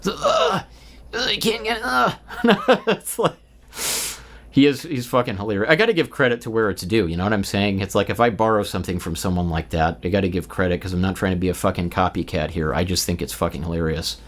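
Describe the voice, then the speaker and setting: A man in his thirties talks alone in a loose stream-of-consciousness vlog. His voice sits on the low side, and he rambles candidly with plenty of swearing and filler words. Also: quick pace, few pauses. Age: 30s. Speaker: vlogger. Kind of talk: unscripted stream-of-consciousness monologue. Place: indoors, recording alone.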